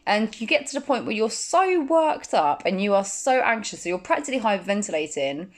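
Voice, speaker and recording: A woman's voice: mid-range voice, sing-song, a little fast. Chatty young woman vlogging. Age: 20s. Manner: chatty, many fillers like "like". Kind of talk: casual chat.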